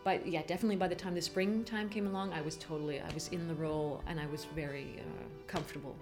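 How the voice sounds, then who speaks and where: A woman in her thirties talking frankly in an interview, halting often and laughing as she talks. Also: sits low, fairly even intonation, music in the background. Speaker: interviewee, mother. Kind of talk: candid interview.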